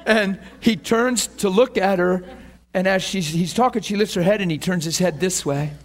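A man preaching a sermon, animated and emotional, acting out scripture scenes and breaking into laughter. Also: high-pitched, moderate pace.

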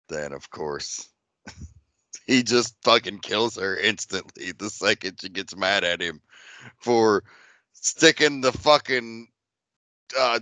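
A man's voice: on the low side, sharp tone, no room sound. A man hosting a movie podcast, running through the cast and credits in a laid-back, profane casual chat. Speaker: podcast host.

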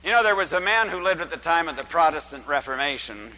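Priest giving a sermon: high, lively and bright male voice, booming and dramatic, with long church reverb. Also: fast. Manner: dramatic, addresses the congregation with rhetorical questions; booming preacher's delivery. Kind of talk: liturgical sermon.

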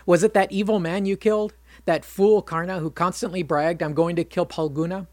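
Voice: medium pitch, steady tone, fairly quick, darkish tone, dry recording, close to an everyday voice. A narrator reading a whining, ranting king. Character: bitter, self-pitying old male king.

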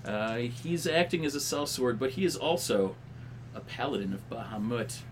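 A man's voice: mid-range voice, animated, moderate pace, slight background noise. A man narrating a tabletop game as game master, with a theatrical delivery.

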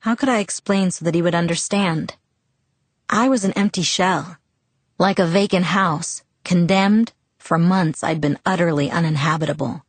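A woman narrating a novel in first person, measured and introspective. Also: lowish voice, dry recording. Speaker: audiobook narrator.

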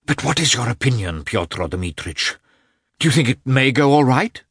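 A man's voice: medium pitch, sing-song, moderate pace, creaky, a bit bright, husky, no echo, clean studio sound, pitched above the performer's own voice, full character voice. A man reading an audiobook, voicing a frantic young husband who pleads piteously with a doctor. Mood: anxious. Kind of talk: audiobook character voice.

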